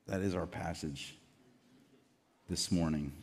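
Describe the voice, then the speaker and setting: A man's voice: low-pitched, takes it slowly, darkish tone, a little hiss or hum. A man preaching a sermon in an earnest, conversational way, with casual asides to the congregation. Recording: long reverb of a hall.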